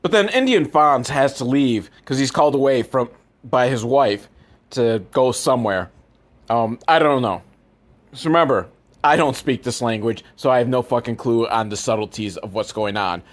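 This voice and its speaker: A man's voice: mid-range voice, normal speed. Male movie reviewer, dry and sarcastic, cursing through a rambling plot recap. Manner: profane, deadpan, rambling with asides.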